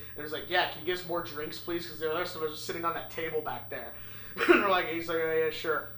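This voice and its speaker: A young man casually telling a funny story, animated and swearing, acting out the people in it. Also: fairly high pitch, quick pace. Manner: animated, swearing, acts out voices. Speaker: podcast host. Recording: echoey room with faint noise.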